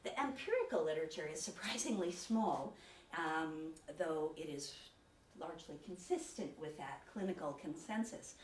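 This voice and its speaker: A woman's voice: deep voice, lively intonation, moderate pace, a little hiss or hum. A woman researcher giving an academic lecture in a conversational way, with fillers and self-corrections. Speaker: autism researcher giving a talk. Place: lecture room, hybrid session with remote viewers. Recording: roomy, distant lecture-hall sound with faint ambience.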